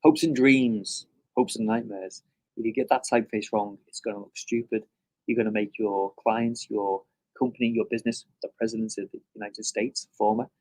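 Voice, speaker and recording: A middle-aged man giving a conversational classroom lecture, often checking in with "okay?" and pausing on "um". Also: mid-range voice, a little mellow.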